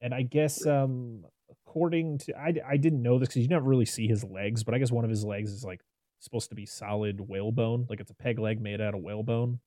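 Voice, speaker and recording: Dark-voiced man in casual film chat. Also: medium pitch, fairly quick, dry recording. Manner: rambling and animated, lots of "like" and restarts. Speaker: podcast host reviewing a film.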